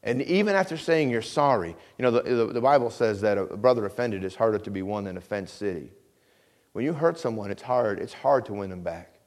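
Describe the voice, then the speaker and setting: A middle-aged man preaching a calm, conversational sermon in a church, often dropping to a quiet low voice and asking the congregation questions. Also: a little fast. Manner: asks the congregation questions and repeats phrases. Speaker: pastor. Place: church sanctuary.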